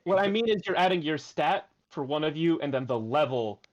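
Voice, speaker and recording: A man's voice: on the high side, lively intonation, brisk, dull audio. A man running a tabletop game as game master, explaining the rules and thinking aloud.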